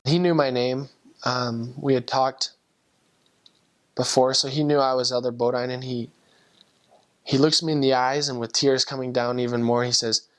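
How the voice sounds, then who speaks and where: Man, mid-pitched, earnest and halting, retelling a missionary testimony. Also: fairly even intonation. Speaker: former missionary. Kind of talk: personal faith testimony story.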